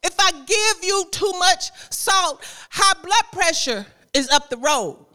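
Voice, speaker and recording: A woman's voice: very high voice, slow pace. A woman preacher delivering a sermon in a conversational style, repeating phrases, laughing often and talking straight to the congregation. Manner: conversational, lively preaching with repetition and frequent laughter; addresses the congregation directly.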